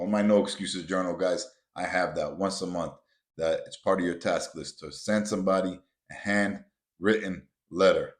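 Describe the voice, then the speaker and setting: A man's voice: deep voice, steady tone, moderate pace. A man hosting a motivational podcast, talking bluntly and emphatically straight to his listeners and swearing freely. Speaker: podcast host.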